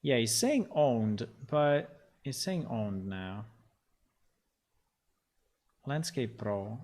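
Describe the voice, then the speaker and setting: Slow-talking man streaming his game work. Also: medium pitch, very animated, a little mellow. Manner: rambling, talks to himself, gets frustrated and swears. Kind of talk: casual livestream commentary.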